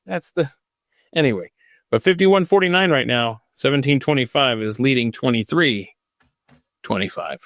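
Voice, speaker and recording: A man's voice: mid-range voice, animated, moderate pace, fairly bright tone, no echo, clean studio sound. A man hosting a podcast in an unscripted, casual way, drifting off topic into self-mocking asides while reading out history. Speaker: podcast host.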